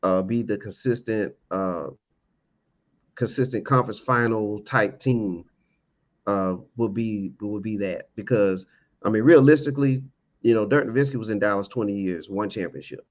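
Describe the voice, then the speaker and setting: Halting low-voiced man on sports talk. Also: dull audio. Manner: halting, repeats words, many uh fillers. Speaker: sports show host. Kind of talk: casual sports debate.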